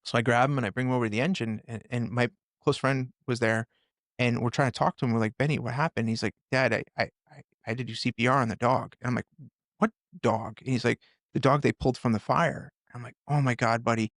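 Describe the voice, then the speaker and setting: Sitting close to the mic, this firefighter and author speaks as a podcast guest, sharing his story conversationally. He's middle-aged and earnest, with a gravelly, mid-range, fairly bright voice and fairly even intonation, stopping and restarting frequently; the sound is dry, with no echo.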